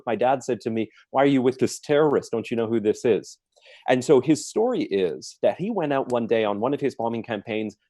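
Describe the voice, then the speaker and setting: A man's voice: mid-range voice, warm tone, no echo. A man answering questions at a forum, telling a story earnestly with emphatic stresses.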